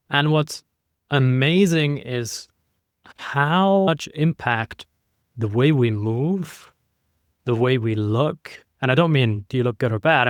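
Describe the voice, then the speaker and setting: A man talking as a podcast guest in a relaxed, conversational way, acting out his points by shifting his voice up and down. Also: mid-range voice, no room sound, studio quality. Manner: animated, demonstrates inflection by playing with his voice. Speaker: podcast guest, keynote speaker.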